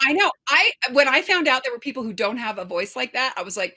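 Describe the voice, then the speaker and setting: Bright-voiced woman telling her story. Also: high voice, sing-song, a little fast. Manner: candid storytelling, acts out voices. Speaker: guest. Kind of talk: podcast interview.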